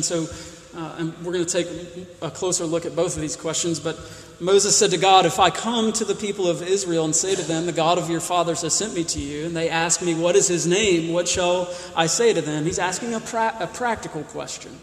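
A man's voice: fairly high pitch, fairly even intonation, normal speed. A man preaching a sermon, emphatic, often repeating and restarting words as he stresses his points. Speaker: pastor. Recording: roomy hall with long reverb.

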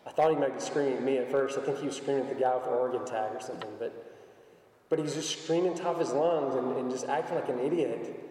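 Man, pastor, mellow voice, conversational sermon, echoing hall, mic at a distance. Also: fairly high pitch. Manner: conversational preaching with anecdotes. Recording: echoey hall, voice from far off.

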